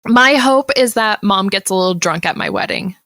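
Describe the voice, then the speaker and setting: A woman's voice: medium pitch, expressive, moderate pace, a bit bright. A young woman co-hosting a podcast in casual chat, playful and giggly, who swears casually. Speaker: podcast co-host. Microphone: podcast mic with pop filter.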